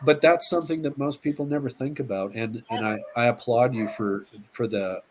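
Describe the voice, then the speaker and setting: Husky middle-aged police officer. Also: male voice, mid-range voice, a little fast. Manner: rambling, repeats words, acts out quotes. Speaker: police officer and podcast guest. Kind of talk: casual storytelling interview.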